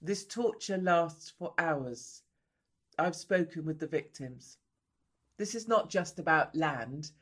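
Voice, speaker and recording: A woman's voice: sits low, lively intonation, slightly rough. A woman reporter giving grave, emphatic scripted documentary narration. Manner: grave, emphatic, measured delivery.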